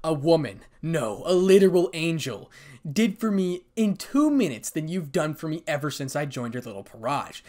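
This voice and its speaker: A cold, cutting young man, scornful and harsh in every line, voiced by a man reading a fan story. His voice is a little high and swings a lot in pitch. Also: very animated, moderate pace, mellow.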